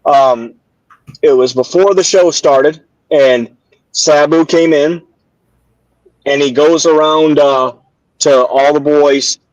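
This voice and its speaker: A man's voice: fairly high pitch, steady tone, takes it slowly, pauses often, no room sound, dull audio. An older man, a former wrestler, telling stories in a casual interview over a video call, with many restarts and fillers. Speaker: guest, former pro wrestler.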